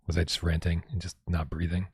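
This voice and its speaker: A man's voice: low voice, completely flat delivery, a little fast, gravelly, husky, no room sound, clean studio sound. A man hosting a casual gaming livestream at home, rambling and reading out viewer tips with lots of restarts. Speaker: livestream host.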